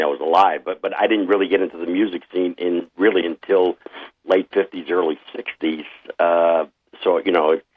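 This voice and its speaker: Older new york guy, deep husky voice, dull lo-fi line, laid-back storyteller. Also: dry recording. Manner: repeats words, easygoing storyteller. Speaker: band singer, guest. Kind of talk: casual interview chat.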